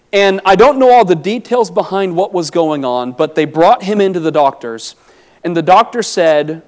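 A man preaching a sermon, earnest, rising to emphatic peaks and dropping low and soft on reflective lines.

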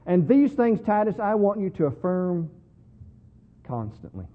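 Preacher in an echoing, phone-like hall. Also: male voice, high-pitched, sing-song, a little hiss or hum. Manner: preaching with swings from quiet to loud, slowing on key words. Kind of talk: sermon. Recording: tinny phone-like sound in a reverberant hall.

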